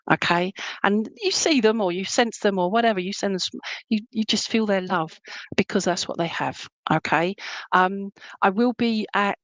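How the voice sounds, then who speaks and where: A woman's voice: medium pitch, no room sound. A woman working as a spiritualist medium, giving clairvoyant readings at an online church service in a chatty, affectionate way. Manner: chatty and affectionate, with frequent endearments. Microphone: online stream.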